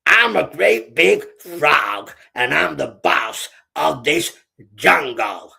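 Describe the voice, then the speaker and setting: Bloke putting on a big-headed bully frog, slow and raised up a bit, gravelly. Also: male voice, a little high, very animated, bright, forceful tone, exaggerated voice. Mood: boastful. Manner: slow, puffed-up bragging. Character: boastful bullying male frog.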